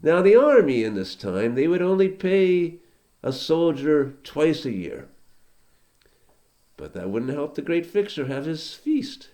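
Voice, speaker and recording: Male teacher storyteller, very animated pitch, chatty asides to kids. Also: measured pace. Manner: animated, conversational, asides to listeners. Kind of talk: storytelling to a children's class.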